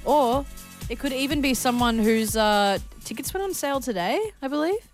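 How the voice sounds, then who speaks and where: A woman's voice: high-pitched, lively intonation, normal speed. Bubbly Kiwi woman on radio, music behind. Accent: New Zealand. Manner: bubbly, chatty, playful. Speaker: radio host. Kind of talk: casual radio banter. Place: radio studio. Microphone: studio microphone. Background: music bed.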